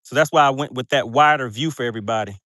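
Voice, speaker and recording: A man's voice: medium pitch, fast talker, sharp tone, dry recording, studio quality. Chatty man on a fishing boat. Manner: chatty, reads viewer comments aloud, laughs often. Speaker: fishing livestream host. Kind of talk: casual livestream chat.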